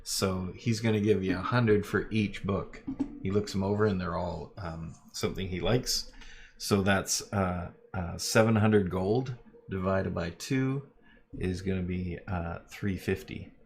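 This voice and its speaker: A deep-voiced man runs a tabletop role-playing game on a live stream, narrating at a measured pace. His delivery is loose and full of fillers, and he laughs easily.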